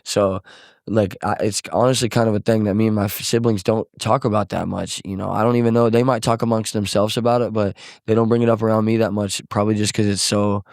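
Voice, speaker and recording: A young man from Missouri with a fairly low voice talks as a podcast guest, loose and rambling, full of "like" and "bro" and casual swearing. His tone is subdued and heavy. The sound is dry and close, with no room around it. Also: flat delivery, quick pace, gravelly, darkish tone, dry recording. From Missouri, USA. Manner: subdued and heavy when recounting loss. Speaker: podcast guest, songwriter and musician. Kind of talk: casual conversation.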